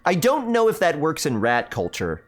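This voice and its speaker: A man's voice: fairly high pitch, wildly swooping pitch, normal speed. A man hosting a livestream, reading a spooky choose-your-own-adventure book aloud in a theatrical, playful way with joking asides. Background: faint background music.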